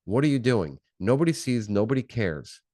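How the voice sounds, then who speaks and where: A man's voice: mid-range voice, sing-song, moderate pace, mellow, no room sound, clean studio sound. A man hosting his own podcast, talking unscripted in a punchy, repetitive, fired-up way, firing off rhetorical questions. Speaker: podcast host. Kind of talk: unscripted motivational monologue.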